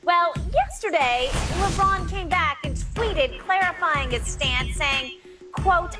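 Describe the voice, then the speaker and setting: A woman hosting a sports debate show, calmly reading out a news item and handing off the discussion. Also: extremely high pitch, slow pace, over music. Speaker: show host.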